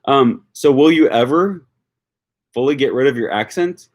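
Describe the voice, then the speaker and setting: A man's voice: mid-range voice, lively intonation, normal speed. A man talking off the cuff on his own channel about learning languages, with many fillers and restarts. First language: English. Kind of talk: unscripted video talk.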